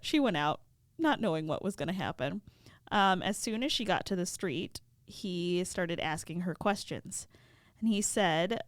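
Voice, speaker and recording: Animated woman retelling a fairy tale. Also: on the low side, a little slow, dry recording, clean studio sound. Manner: animated, laughing asides. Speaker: podcast co-host. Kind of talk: casual story retelling.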